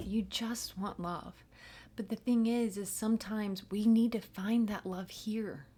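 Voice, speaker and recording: A woman's voice: mid-range voice, steady tone, unhurried, dark tone, breathy edge. A woman doing a spiritual reading, talking to her viewers in a chatty, rambling, encouraging way with a self-mocking streak. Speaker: spiritual reader, channel. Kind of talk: casual spiritual pep talk to camera.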